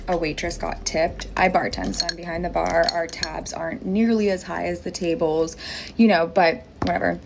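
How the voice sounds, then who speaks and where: Woman in her thirties, casual vlog storyteller, gravelly fry, chatty and profane. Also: fairly low pitch, steady tone, normal speed, darkish tone, slight background noise. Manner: chatty, full of likes, swearing. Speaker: bartender.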